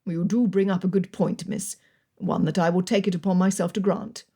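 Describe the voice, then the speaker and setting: A formal, courteous general in a storybook romance, as a woman narrator voices him. The voice is a touch lower than the reader's own, mellow and measured. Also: fairly even intonation, breathy edge. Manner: formal, clipped. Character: formal middle-aged army general, courteous.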